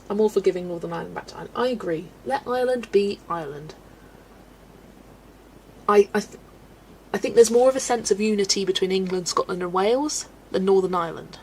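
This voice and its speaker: Chatting while she colours on a livestream, this British host rambles, laughs a lot and reads out comments from her chat. She speaks fairly quickly but with long pauses, in a mid-range, slightly mellow voice over faint background noise.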